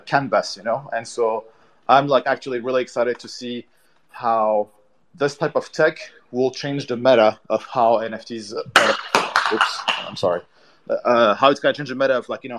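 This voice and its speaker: Rambling man talking about his project. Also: medium pitch. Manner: loose and rambling, many fillers. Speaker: NFT project team member. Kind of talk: casual chat.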